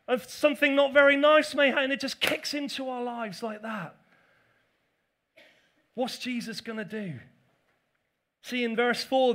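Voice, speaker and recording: A pastor preaching a sermon to a church congregation, telling the story with playful asides. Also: male voice, extremely high pitch, a bit bright.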